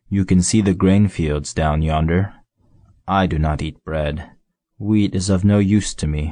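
A man voicing a wise, lonely male fox in an audiobook, explaining things gently and in measured phrases. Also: low-pitched, no echo. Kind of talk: audiobook character reading.

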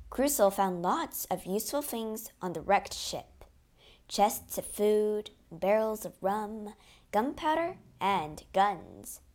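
A woman narrating a classic adventure storybook in a clear, expressive read-aloud manner. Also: medium pitch.

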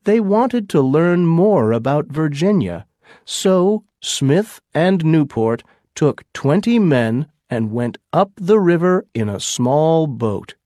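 Slow, clear male storybook narrator. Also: on the high side, sing-song, mellow, no room sound, studio quality. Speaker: audiobook narrator. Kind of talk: scripted narration for learners.

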